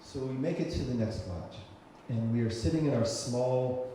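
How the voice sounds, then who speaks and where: A man telling a personal story live on stage, conversational and full of fillers and restarts, bursting into loud shouts when he voices his own thoughts. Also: medium pitch, normal speed. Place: cultural center stage before an audience. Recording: very echoey hall, faint noise.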